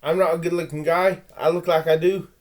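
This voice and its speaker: A man speaks to his camera in a rambling rant, tripping over his words and circling back. His voice sits a touch high for a man. He sounds intense and blunt, like someone airing grievances. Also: level tone, a little fast. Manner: stammering, with frequent restarts and repeated words; intense and heated, with blunt threats. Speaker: vlogger.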